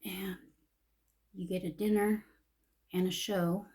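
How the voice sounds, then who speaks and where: A woman's voice: medium pitch, level tone, takes it slowly, a little mellow. An older woman chatting while getting ready, emotional and confiding, sometimes dropping to a whisper. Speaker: vlogger.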